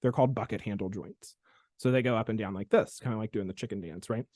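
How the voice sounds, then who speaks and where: Animated male chiropractor telling a story. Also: lowish voice, fast, dry recording, studio quality. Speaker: podcast host, chiropractor. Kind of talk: casual storytelling chat.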